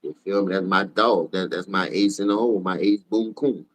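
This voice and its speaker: A tired man with a New Orleans accent ranting profanely on a casual sports livestream, switching between low mumbles and loud outbursts. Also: normal speed. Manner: profane, heated, jumps between mumbling and shouting.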